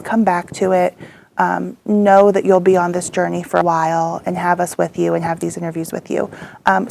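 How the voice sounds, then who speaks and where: A woman co-hosting a livestream, talking in a relaxed way with frequent fillers. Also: medium pitch, gravelly, slight background noise. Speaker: co-host. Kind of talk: livestream talk.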